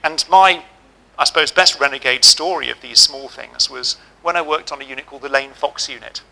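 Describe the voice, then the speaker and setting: Bright-voiced man telling stories. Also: medium pitch, fairly quick, creaky, low-quality recording. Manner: lively storytelling with humor. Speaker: keynote speaker. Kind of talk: keynote speech. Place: auditorium.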